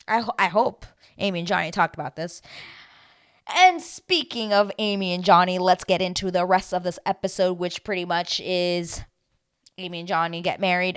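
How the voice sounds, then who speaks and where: A woman's voice: fairly low pitch, a bit bright, clean tone. Chatty young woman gushing in a recap. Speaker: recap vlogger. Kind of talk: casual recap chat.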